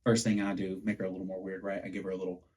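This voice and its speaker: A man, co-hosting a podcast. He tells coaching stories in a lively, animated way and acts out what people said. His voice sits a little low. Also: racing. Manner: animated storyteller, acts out quotes. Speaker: podcast co-host, pitching coach. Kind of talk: casual chat.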